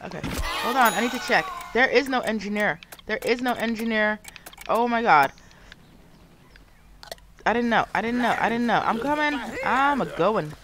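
A woman streaming a video game, chatting and reacting excitably as she plays. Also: a little high, moderate pace, pauses often, noisy background. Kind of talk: live gameplay commentary. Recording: game music behind.

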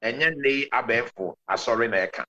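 A man's voice: mid-range voice, unhurried, bright, forceful tone, muffled recording. A Ghanaian pastor answering interview questions over a video call, laying out his points one by one in a preaching manner. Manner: preaching explanation, counts points, mixes Twi and English.

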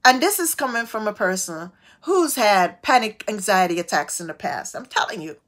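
A woman preaching a devotional sermon, tossing out call-and-response asides with sudden swings of pitch and loudness. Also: expressive. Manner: slow, drawn-out delivery.

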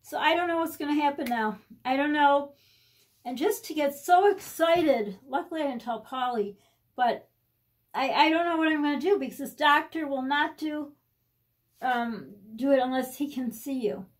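A middle-aged woman from the United States speaks casually in a personal vlog. Her voice sits high, and her talk is rambling and anxious, with many restarts. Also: moderate pace. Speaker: vlogger.

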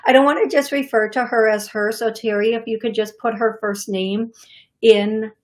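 A woman's voice: on the high side, steady tone, normal speed. A woman hosting a live call-in psychic show, talking in an effusive, gushing way with many fillers. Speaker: psychic medium show host. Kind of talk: live call-in show, reading viewer messages. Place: studio.

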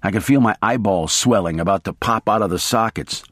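A man narrating a novel in the first person, reading in a measured, steady way. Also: fairly low pitch, breathy edge, no room sound, clean studio sound. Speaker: audiobook narrator.

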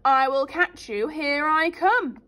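A woman voicing a big, clumsy male giant who bellows his lines in a loud, drawn-out way. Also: medium pitch, clean tone. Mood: booming.

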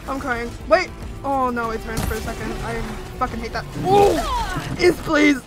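Live-streaming a game, a young woman shrieks, pleads and swears as she plays, breaking into bursts of laughter. Her voice is on the high side with lively intonation and a moderate pace. Game music and sound effects play behind her.

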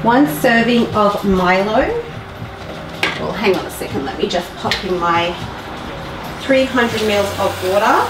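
A woman's voice: mid-range voice, animated, a little slow, pauses often, poor audio. Woman, casual vlog chat, chatty, rambling asides, home kitchen, music in the background. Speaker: vlogger.

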